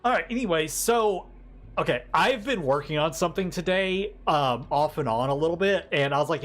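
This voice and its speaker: A man's voice: fairly high pitch, animated, fairly quick, a bit bright, soft background music. A man from the United States with a drawl, chatting casually with viewers on a live stream, rambling and laughing as he goes. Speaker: livestreamer.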